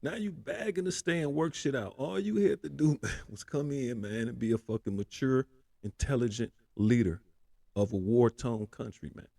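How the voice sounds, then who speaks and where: A man's voice: mid-range voice, animated, moderate pace, vocal fry, warm tone, dry recording. A man hosting a political commentary show, ranting heatedly with constant profanity and repeated "man".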